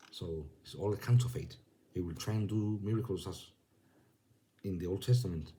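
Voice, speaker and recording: A man with a low, dark-toned voice giving loose, conversational religious commentary. He keeps checking in with his listener as he goes. He reads news lines and scripture aloud between his own remarks. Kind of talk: casual religious commentary to camera.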